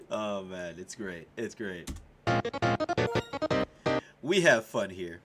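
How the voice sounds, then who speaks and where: A young man chatting on a casual livestream. He is excitable and swears a lot, laughs often and shouts at his chat. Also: sits low, slow pace, over loud music. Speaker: streamer and music composer.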